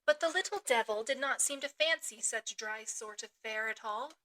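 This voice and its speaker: A woman podcast host reading a classic novel aloud with expressive, dramatic delivery. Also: a little high, moderate pace.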